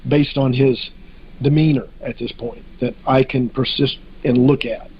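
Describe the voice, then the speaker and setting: A man's voice: mid-range voice, steady tone, a little slow, husky, dull audio. A man in a casual podcast discussion, talking hesitantly with many fillers and restarts.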